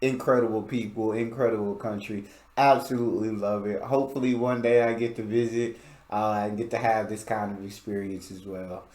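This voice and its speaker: A man's voice: on the low side, steady tone, brisk, a little mellow, roomy sound. A man from the United States hosting a reaction video in a casual way, full of fillers like "like" and "you know what I'm saying".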